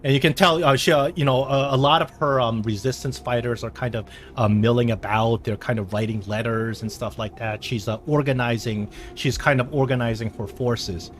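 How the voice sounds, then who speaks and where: Halting male game master narrating. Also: mid-range voice, fairly even intonation. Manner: halting, many fillers and restarts, laughs easily.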